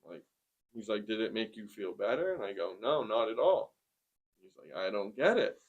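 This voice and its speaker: A man in his forties giving a personal testimony in conversation, plainspoken and earnest, with many pauses. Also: fairly low pitch, very animated, highs cut off. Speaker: interviewee sharing a testimony.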